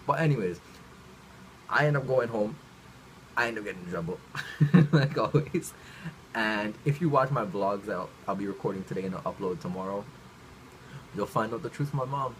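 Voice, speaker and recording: A Canadian man, a vlogger, telling a childhood story in a lively way and laughing between lines. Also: on the low side, normal speed, pauses often, a little hiss or hum, rough recording. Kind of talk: storytime vlog.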